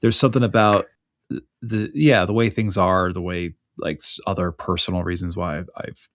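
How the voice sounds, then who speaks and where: Male podcast host: very low voice, dry close mic, frank and enthusiastic. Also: fairly even intonation, fairly bright tone, no room sound. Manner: enthusiastic, candid, quick to agree. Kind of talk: casual interview chat.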